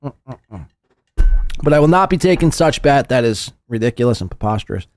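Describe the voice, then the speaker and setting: A man's voice: medium pitch, expressive, fast talker, a little mellow, no room sound. A man hosting a podcast, reacting to clips with crude, mocking commentary and constant swearing. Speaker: podcast host. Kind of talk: profane commentary over clips.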